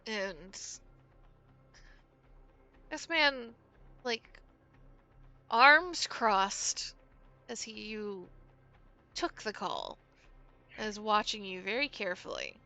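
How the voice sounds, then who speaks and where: A woman narrating a tabletop game as game master, setting the scene slowly and deliberately. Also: medium pitch, sharp tone, poor audio.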